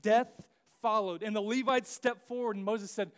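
A man's voice: sits high, fairly even intonation, moderate pace, a bit bright, clear, resonant tone. A young man preaching a casual sermon, joking and acting out biblical figures in slang asides. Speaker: pastor.

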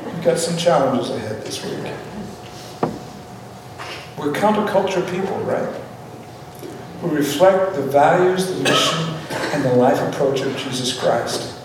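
A man's voice: a little high, lively intonation, measured pace, long pauses. A man preaching a sermon, telling a funny personal story with lots of laughter. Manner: humorous storytelling, often laughing. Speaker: pastor. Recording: echoey hall from far off, with room noise.

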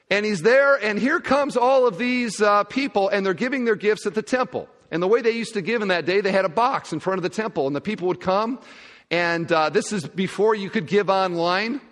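Man preaching in an echoing church hall. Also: sits high. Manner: animated storytelling, acting out scenes. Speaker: pastor. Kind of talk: sermon. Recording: long reverb of a church hall.

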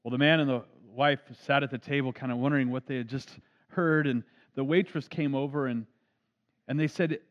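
A man's voice: mid-range voice, steady tone, a little fast. A man, a pastor, preaching an earnest storytelling sermon. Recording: dull lo-fi recording.

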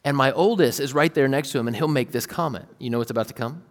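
A man in his thirties preaching a sermon in a relaxed, storytelling way, acting out voices from family anecdotes. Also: medium pitch, quick pace. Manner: casual, storytelling, acts out his kids' voices. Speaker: pastor. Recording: long hall reverb.

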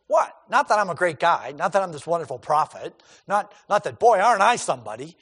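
High-voiced, animated male preacher. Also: a little fast, husky. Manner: animated, emphatic, rhetorical questions, repeats words. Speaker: pastor. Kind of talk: sermon. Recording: long hall reverb.

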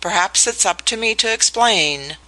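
A reader voicing a peevish, offhand young gentleman who speaks almost pettishly. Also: mid-range voice, lively intonation, moderate pace, voice pushed up, rough recording.

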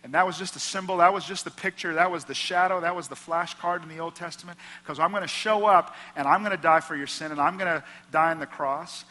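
A man with a Midwestern American accent preaches in a church hall, his bright, forward voice carrying a long reverb tail. He talks to the room earnestly and conversationally, pitched slightly high for a man. He stacks up repeated phrases to press each point home. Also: fairly even intonation, quick pace, few pauses. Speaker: pastor. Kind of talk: sermon. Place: church auditorium.

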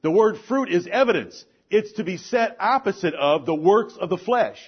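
Husky high-voiced man preaching a sermon. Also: lively intonation, moderate pace, highs cut off. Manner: forceful preaching, rises and drops sharply, rhetorical questions. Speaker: pastor.

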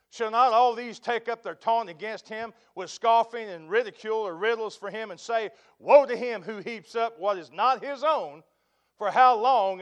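A man preaching a sermon, building to loud emphatic peaks and then dropping to a low, quiet tone. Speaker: pastor.

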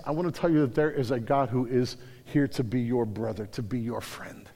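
A man's voice: mid-range voice, a little fast, vocal fry, hardly any pauses, darkish tone. A man preaching a passionate sermon to a congregation, building to emphatic peaks. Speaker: pastor. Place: church sanctuary. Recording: hall reverb.

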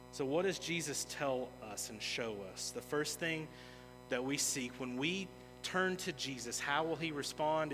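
Man pastor, sermon, slow emphatic delivery, long hall reverb, faint music underneath. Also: on the high side. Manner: earnest, emphatic preaching with rising intensity.

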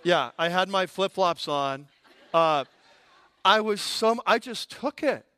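High-voiced, animated male preacher. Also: slow pace, clean tone, no room sound. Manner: animated comic storytelling. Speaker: pastor. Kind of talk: sermon.

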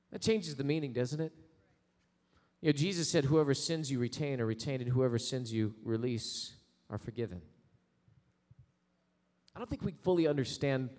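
A male pastor preaching a sermon, building to slow, loud, rising prayer passages. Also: mid-range voice. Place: church sanctuary. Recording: long hall reverb.

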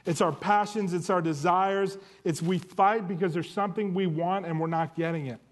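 A man in his forties with a slightly high voice, speaking in the manner of a sermon to a room full of people. He tells stories about himself frankly and makes fun of himself along the way, then turns them into a challenge for his listeners. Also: steady tone, normal speed. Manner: candid, self-deprecating storytelling with humor. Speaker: church marriage ministry speaker. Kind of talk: sermon-style talk to a live audience.

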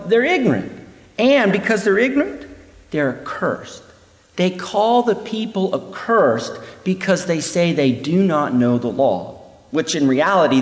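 Animated male Bible teacher in echoey hall. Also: high-pitched. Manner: animated, acts out quoted voices.

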